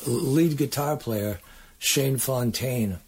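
An older man, a singer-songwriter guest, telling rambling, halting stories in a casual interview. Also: mid-range voice, a little mellow, a little hiss or hum. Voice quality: raspy, gravelly.

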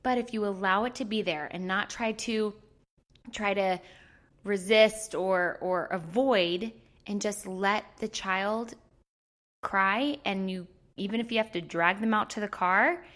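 A woman coaching in a casual, chatty way, playful and quick to laugh as she explains. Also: medium pitch, a bit bright. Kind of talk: casual teaching to camera.

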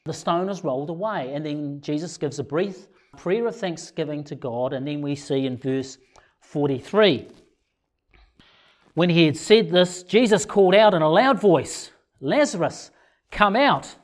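A preacher giving a sermon, retelling scripture in a lively storytelling way. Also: medium pitch, a little slow.

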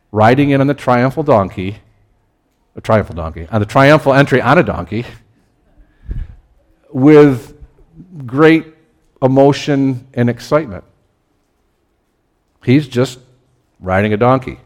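A man preaching a conversational sermon as pastor, his delivery lively and building to emphatic peaks. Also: mid-range voice, a little slow, pauses often.

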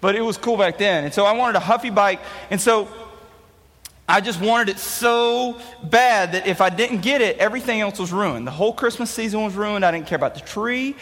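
A young man with a notably high voice tells an animated, playful story as a youth speaker. His jokey delivery rings out with a long hall reverb. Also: normal speed. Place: large hall before an audience.

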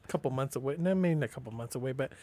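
A man's voice: medium pitch, racing, mellow, no room sound. Easygoing, agreeable podcast co-host man. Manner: agreeable, hesitant, lots of fillers. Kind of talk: casual chat.

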